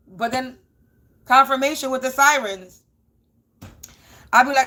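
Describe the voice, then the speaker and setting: A woman's voice: sits high, moderate pace, bright, forceful tone. A woman doing a casual spiritual reading, blunt and profane, repeating phrases for emphasis. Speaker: spiritual energy reader.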